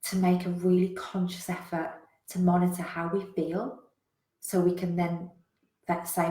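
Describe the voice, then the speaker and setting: A woman business coach, giving a frank, animated motivational talk to a live chat and swearing freely. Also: fairly low pitch, measured pace. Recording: roomy echo.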